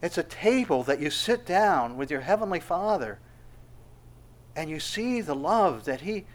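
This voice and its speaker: A middle-aged pastor delivers a verse-by-verse sermon in a fairly high voice. He drops to quiet asides and then climbs to loud, emphatic peaks. His pitch moves a lot. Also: big pitch swings, measured pace. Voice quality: laughs softly between points. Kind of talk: expository sermon.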